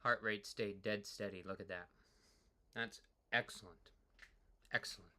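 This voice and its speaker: A man casually rambling through his own workout data, excitable and full of "like", swinging between hype and low mutters. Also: unhurried. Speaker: cyclist streamer reviewing his workout.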